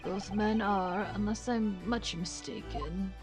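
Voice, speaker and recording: A woman voicing a composed, polite young woman who speaks with calm assurance in a game. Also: mid-range voice, slow pace, over music, natural voice. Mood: assured.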